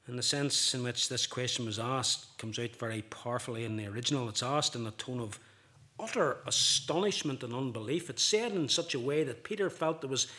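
Preacher, male, lively and expressive delivery, fairly high voice, acts out quotes with passion. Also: moderate pace. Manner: impassioned, swelling louder and higher on dramatic points; acts out quoted speech vividly. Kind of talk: sermon.

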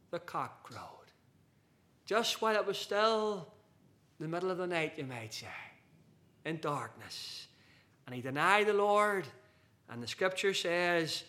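Slow, bright-voiced preacher. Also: male voice, high-pitched. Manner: slow, emphatic preaching with wide swings in loudness. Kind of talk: sermon.

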